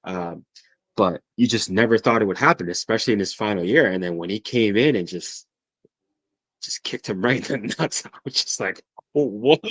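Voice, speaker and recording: Excitable, foul-mouthed man, low voice. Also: normal speed, no echo. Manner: excitable, profane, laughs often. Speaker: podcast guest. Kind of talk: casual chat.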